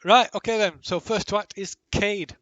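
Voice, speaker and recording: Man running a tabletop game, slightly high. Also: fairly even intonation, moderate pace, a bit bright, muffled recording. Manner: patient, explains rules with fillers and restarts. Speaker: game master.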